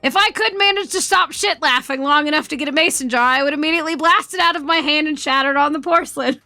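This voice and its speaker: Bright, high-voiced woman streamer. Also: fast talker, no room sound. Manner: laughing storytelling, profane. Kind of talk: casual chat.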